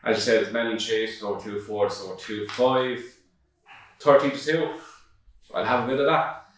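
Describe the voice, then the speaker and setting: Male host, low voice, blunt and emphatic, distant mic in a very echoey room. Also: steady tone, normal speed, a bit bright. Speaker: podcast host. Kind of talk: casual chat.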